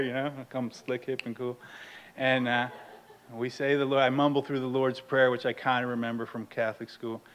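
Candid man telling his story. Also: mid-range voice. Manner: candid, self-deprecating, laughs often; swings between hushed and animated. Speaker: speaker sharing at a recovery meeting. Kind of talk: personal storytelling.

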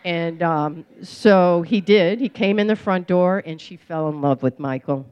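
A woman with a fairly low voice tells her personal story in an easygoing, meandering way. She pads her sentences with fillers and restarts, and keeps a light touch of humor. The recording sounds a little dull and lo-fi. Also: a little slow, clear, resonant tone. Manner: rambling, warm-humored, many fillers and restarts. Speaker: recovering alcoholic sharing her story. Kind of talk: personal testimony, casual storytelling.

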